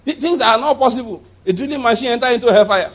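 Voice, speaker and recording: A man's voice: extremely high pitch, quick pace. A man preaching a conversational sermon as pastor, rambling through asides and chuckling often.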